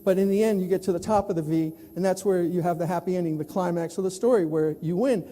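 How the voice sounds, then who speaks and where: A man from New York giving an animated storytelling keynote at a conference, acting out the people he quotes. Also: sits high, fast. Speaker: plenary speaker. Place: large conference hall. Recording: long reverb of a large hall.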